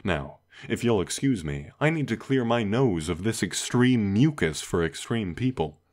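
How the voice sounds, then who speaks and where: A man with a fairly low voice reads a scripted comedy narration. His delivery is deadpan and dry, with a sarcastic edge. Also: moderate pace. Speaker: video essay host.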